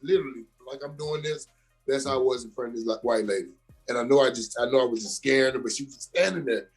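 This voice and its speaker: A young adult man from Georgia in the US, an actor and comedian guest telling his story with animated emphasis in a casual interview. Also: mid-range voice, quick pace, faint music behind.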